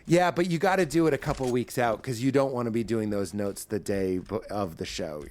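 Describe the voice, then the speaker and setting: A man in mid pitch talks as a guest on a podcast, telling stories like a working comedian. He swings between quiet asides and loud, acted-out bits, dropping into character voices as he goes. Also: a little fast, slight background noise. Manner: animated storyteller, acts out bits in voices. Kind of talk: podcast interview chat.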